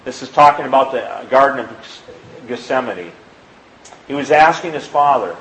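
A man's voice: normal speed, fairly bright tone, rough recording. A man giving an informal sermon, reading scripture aloud and talking plainly to his listeners. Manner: conversational, reads scripture aloud, rises in pitch when pressing a point. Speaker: lay preacher.

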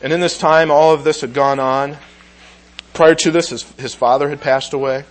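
A man giving an earnest, emotional church talk, reading scripture aloud and pausing with halting restarts. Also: on the high side, fairly even intonation, low-quality recording.

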